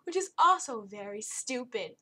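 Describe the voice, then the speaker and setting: A young woman talks through a book review in a loose, rambling way, restarting sentences as she goes. Her voice sits a little high, and her tone is blunt and exasperated. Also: expressive, normal speed, sharp tone, slightly rough. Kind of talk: casual spoken review.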